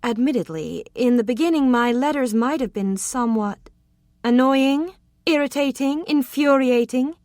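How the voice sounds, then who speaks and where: A woman voicing an eager, slightly bumbling young gentleman in an audiobook, earnest in manner. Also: sits high, moderate pace, no room sound, studio quality, voice pushed up, natural voice. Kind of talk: audiobook character reading.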